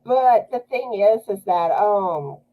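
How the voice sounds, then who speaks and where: A woman's voice: medium pitch, lively intonation, dark tone, low-quality recording. A woman with a South Louisiana Cajun accent, hosting a knitting live stream in a chatty way, laughing often. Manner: chatty, laughs often, drawn-out filler words. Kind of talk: casual live-stream chat.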